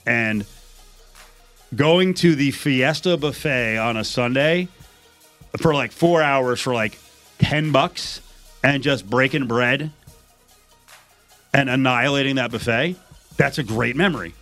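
A man hosting a radio show, chatting in a lively, excitable way. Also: medium pitch, takes it slowly, pauses often, soft background music. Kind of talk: casual chat.

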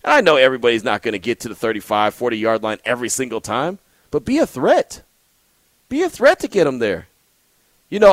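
A man's voice: mid-range voice, dry recording. A man hosting a call-in sports radio show, chatty, often laughing and restarting his sentences.

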